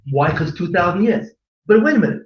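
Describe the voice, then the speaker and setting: A rabbi giving an impassioned religious lecture, firing off rhetorical questions with emphatic force. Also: male voice, sits high, big pitch swings, a little fast. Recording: echoey hall, distant dull mic.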